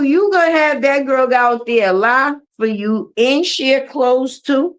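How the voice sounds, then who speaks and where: Woman, high-pitched, profane mocking live-stream rant. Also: slow. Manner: profane, mocking, switches into jeering put-on voices. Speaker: commentary streamer. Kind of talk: ranting live-stream commentary.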